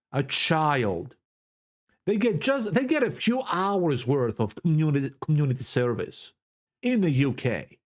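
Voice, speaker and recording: A man's voice: a little high, darkish tone. A man giving opinionated political commentary on his own channel, stressing points by repeating key words.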